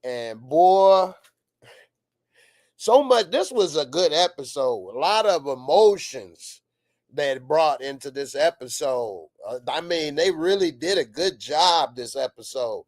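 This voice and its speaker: A man giving a casual, excitable reaction to a TV episode as the channel's host, laughing often and sometimes rising to shouts. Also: on the high side, slow pace, no room sound, clean studio sound. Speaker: TV show reviewer.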